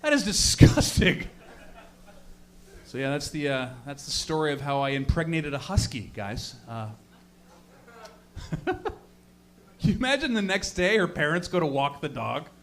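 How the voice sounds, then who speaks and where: A man's voice: a little high, expressive, moderate pace, pauses often, fairly bright tone. A young man performing a rambling, profane stand-up set on stage, laughing at his own stories. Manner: loose, rambling storytelling with frequent laughs and profanity. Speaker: stand-up comedian. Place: comedy stage before a live audience.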